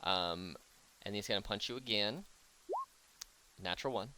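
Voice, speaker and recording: Game master man with a bright voice. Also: on the low side, normal speed, smooth. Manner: casual, with fillers and laughs. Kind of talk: narrating a tabletop game.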